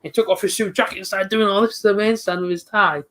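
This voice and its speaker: Chatty high-voiced northern fan. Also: male voice, steady tone, quick pace, a bit bright. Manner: chatty, frustrated, talks back to off-mic friend. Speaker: football fan streamer. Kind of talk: live match reaction commentary.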